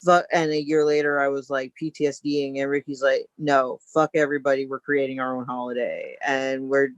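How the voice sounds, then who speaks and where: A woman's voice: a bass voice, flat delivery, brisk, dry recording, muffled recording. A woman co-hosting a casual theater chat show, gushing and rambling with frequent laughter. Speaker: podcast co-host.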